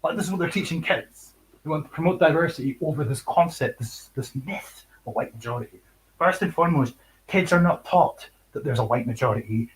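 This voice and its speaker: A man's voice: medium pitch, slight background noise, rough recording. Young Scottish man, livestream host; casual, cutting, sweary delivery with bursts of laughter. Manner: sweary, scornful, laughs between points. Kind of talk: casual chat.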